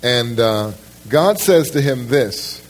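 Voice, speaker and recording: A man's voice: mid-range voice, animated, slow. Man preaching a sermon, restarting phrases. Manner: emphatic preaching with frequent restarts and repeated words; addresses the congregation directly with questions. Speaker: pastor. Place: church service.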